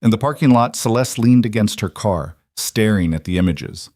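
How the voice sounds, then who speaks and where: A man with a low voice narrating a scripted drama story. His reading is even and measured, and the recording is dry and close with no room sound. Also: dry recording.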